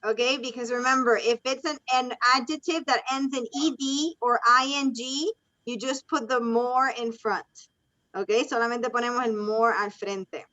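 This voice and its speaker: A woman's voice: a little high, steady tone, moderate pace, sharp tone. A woman teaching an online English class, patiently calling on students and explaining in English and Spanish. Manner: encouraging, switches between English and Spanish explanations. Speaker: ESL teacher. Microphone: video call. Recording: dull lo-fi video call audio.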